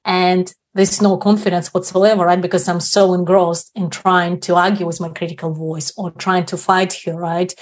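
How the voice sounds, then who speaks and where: Woman, podcast guest, reflective, explanatory, tag questions. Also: fairly low pitch. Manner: reflective, often adds 'right?' tag questions. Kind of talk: explaining a self-help practice.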